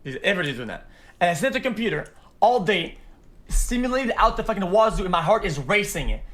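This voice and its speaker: A man's voice: high voice, lively intonation, a little fast, fairly bright tone. A man in a heated casual debate, stammering and repeating words as he defends himself and swears. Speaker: debate participant.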